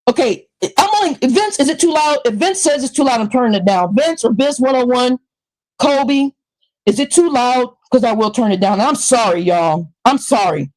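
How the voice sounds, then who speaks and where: A woman live streaming, ranting heatedly into a new microphone, swearing a lot and often shouting. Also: fairly high pitch, animated, normal speed, low-quality recording. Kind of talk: angry live-stream rant. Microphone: new desktop microphone.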